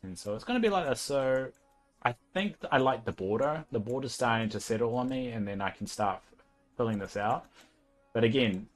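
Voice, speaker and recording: A man's voice: medium pitch, expressive, normal speed, faint music behind. A young man with a New Zealand accent, chatting casually as a livestreamer while he plays a game and thinks aloud with plenty of fillers.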